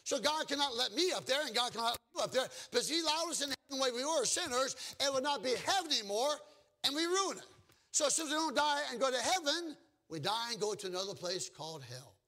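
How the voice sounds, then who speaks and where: Bright, high-voiced preacher. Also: male voice, very animated, quick pace. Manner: folksy storytelling preacher, questions the congregation. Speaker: pastor. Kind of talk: evangelistic sermon with audience call-and-response.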